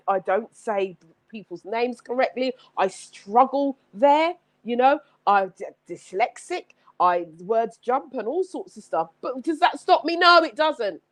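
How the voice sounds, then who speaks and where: Energetic woman hosting a motivational live stream, higher voice with lively swings, preachy and emphatic. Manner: energetic, exclamatory, preachy, repeats phrases. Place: home setup with several screens.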